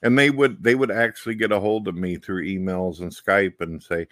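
Blunt, low-voiced man chatting. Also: steady tone, moderate pace, hardly any pauses, fairly bright tone, no room sound. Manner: blunt, plain-spoken, swears freely. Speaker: show host. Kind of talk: casual conversation.

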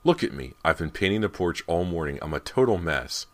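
A man's voice: deep voice, expressive, brisk. A man reading an audiobook voices a jealous, teasing teenage twin girl with a complaining, accusing tone.

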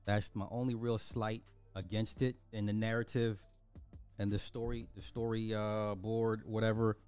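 A man's voice: lowish voice, flat delivery, moderate pace, darkish tone, clear, resonant tone, faint music behind. Emphatic man reviewing a movie. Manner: emphatic, repeats points for effect. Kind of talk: casual livestream movie review.

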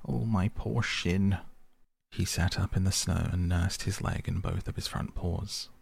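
A man reading a bedtime audiobook softly and unhurriedly. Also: deep voice, monotone, normal speed, gravelly, breathy edge. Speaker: podcast audiobook reader.

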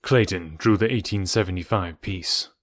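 A man reading a novel aloud as narrator, in a measured, somber way. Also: deep voice, no echo, clean studio sound. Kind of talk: audiobook narration.

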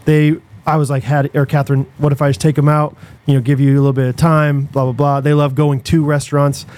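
A young man, co-hosting a podcast, telling a long story in a rambling, animated way full of fillers and restarts. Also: fairly high pitch, fast talker, no echo. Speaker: podcast co-host. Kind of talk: casual storytelling chat.

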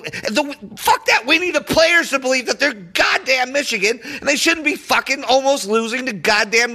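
A man hosting a podcast, ranting furiously as a sports fan, profane and often shouting, his voice rising high when angry. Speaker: podcast host.

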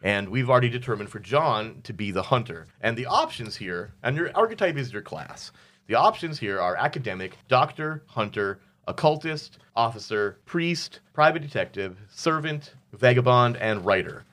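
A man's voice: medium pitch, animated, normal speed, fairly bright tone. A man hosting a tabletop game podcast as game master, chatting casually, joking around and walking the players through the rules step by step. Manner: playful, joking asides, explains rules step by step.

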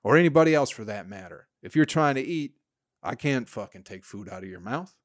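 Crude rambling comedian, drawl. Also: male voice, medium pitch, a little fast, dry recording, clean studio sound. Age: 40s. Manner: crude, profane and rambling, with deadpan sarcasm. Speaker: comedy podcast host. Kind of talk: solo podcast rant.

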